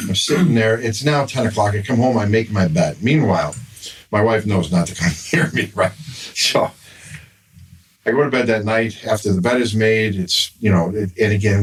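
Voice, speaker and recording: An older man, a grandfather, telling a long exasperated story in casual podcast chat. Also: fairly low pitch. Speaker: podcast guest. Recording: somewhat distant mic with faint noise.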